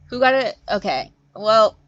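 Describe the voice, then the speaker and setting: A woman's voice: medium pitch, big pitch swings, a little slow, no room sound, highs cut off. A woman running a tabletop game as game master, talking casually with fillers and laughter.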